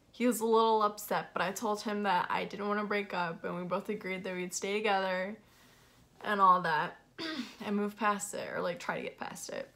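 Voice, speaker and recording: A young woman with a bright, clear tone, recounting a personal story to her viewers. She talks candidly and casually, dropping "like" between her thoughts as she confides in them. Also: mid-range voice. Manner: candid and confessional, with frequent "like" fillers. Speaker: vlogger.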